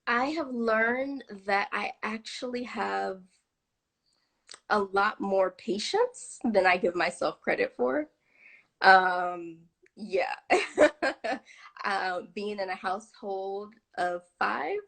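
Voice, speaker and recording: A woman's voice: mid-range voice, takes it slowly, vocal fry, long pauses, a bit bright. Chatty woman on a video call. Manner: chatty, laughs often, many ums. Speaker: interview guest. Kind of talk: casual video-call interview.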